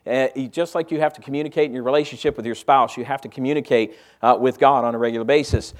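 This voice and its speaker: A pastor preaching a sermon in a church, conversational and full of rhetorical questions put to the congregation. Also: male voice, mid-range voice, steady tone, fast talker. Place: church auditorium.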